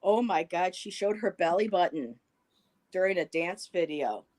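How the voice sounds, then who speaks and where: A woman with a somewhat low voice joins a relaxed live-stream chat as a guest. She tells stories with animation, stopping now and then to search for a word, heard through a plain home webcam mic. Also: moderate pace. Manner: animated storyteller, searching for words. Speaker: guest reader.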